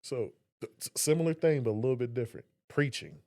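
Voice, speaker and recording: A young man co-hosting a podcast, telling stories in a casual, animated way and acting out voices. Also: medium pitch, quick pace. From Southern West Virginia. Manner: animated storyteller, acts out voices. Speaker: podcast co-host. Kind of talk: casual conversation.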